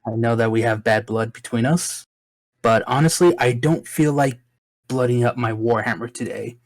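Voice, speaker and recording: A man's voice: medium pitch, moderate pace, dry recording, close to an everyday voice. A man voicing a smug, mock-friendly male warrior in a tabletop game.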